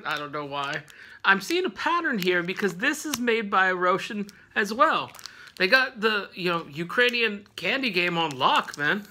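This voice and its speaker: A man's voice: high-pitched, lively intonation, unhurried, sharp tone, slight background noise. A man hosting a casual snack review vlog at home, rambling with lots of fillers and laughing often.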